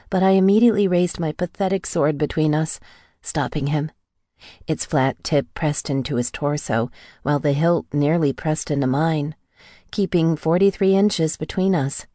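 A woman narrating a novel in the first person, with a steady storytelling read into a close mic. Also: deep voice, no echo. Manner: even storytelling read, lightly acting out the heroine's lines. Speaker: audiobook narrator.

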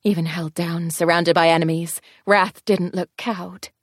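A woman's voice: lowish voice, a little slow, dry recording, studio quality. A woman narrating a first-person fantasy story in an audiobook, telling it expressively. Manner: expressive, tense storytelling pace shifts.

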